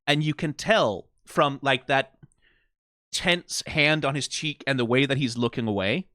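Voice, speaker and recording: A man hosting an anime reaction, talking in casual, animated commentary, often asking "right?" and laughing. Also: medium pitch, a little slow, no room sound, clean studio sound.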